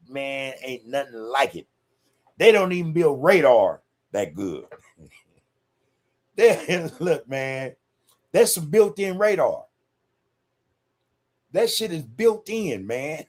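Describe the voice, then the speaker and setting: A man hosting a casual livestream podcast and reading viewer comments. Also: mid-range voice. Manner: laid-back, laughs often, says "man" a lot. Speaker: podcast host reading live chat.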